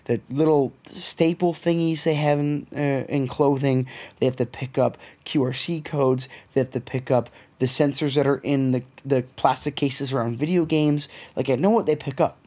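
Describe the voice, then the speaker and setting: A young Canadian man spins a story on a podcast, swearing freely. He is animated and acts out the other people in his tale. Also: fairly high pitch. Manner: profane, animated storytelling with quoted voices. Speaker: podcast co-host. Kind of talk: casual storytelling chat.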